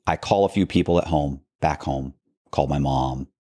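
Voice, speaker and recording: A man's voice: extremely low pitch, moderate pace, dark tone, no room sound, clean studio sound. A man, a podcast guest, telling a long story in a casual, rambling way, full of restarts and asides and acting out what people said.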